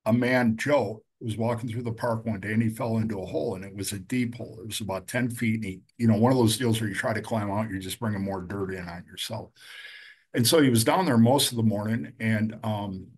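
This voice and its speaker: Man, middle-aged, low voice, husky, earnest, emotional, halting. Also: darkish tone. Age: middle-aged or older. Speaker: recovery counselor and guest. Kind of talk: conversational storytelling.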